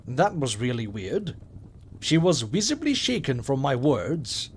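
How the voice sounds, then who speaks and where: A man narrating a scripted horror story in a measured, wry way. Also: medium pitch, very animated, a little hiss or hum.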